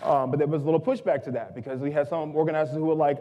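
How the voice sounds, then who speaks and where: A young adult man giving a humorous storytelling talk, self-mocking and lively, acting out the people in his stories. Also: on the high side, rapid-fire, hardly any pauses, lo-fi sound. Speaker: guest speaker. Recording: long hall reverb.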